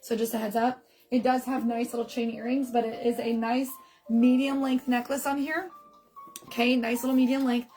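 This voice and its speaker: A woman's voice: on the high side, flat delivery, normal speed, warm tone, faint music behind, rough recording. A woman selling jewelry on a live stream from her phone, chatting fondly and greeting viewers by name. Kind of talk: live-stream sales chat. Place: home, filming herself on a phone. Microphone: phone camera in selfie mode.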